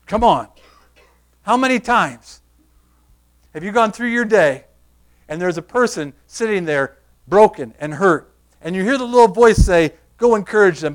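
A man preaching a sermon, pressing his listeners with repeated rhetorical questions and sinking to a soft, quiet close. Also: sits high.

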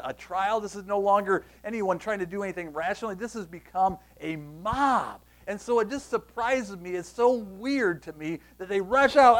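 A man preaching a conversational sermon, reading scripture aloud and acting out scenes with lively asides. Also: sits high. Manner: animated, conversational, acts out scenes. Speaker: pastor.

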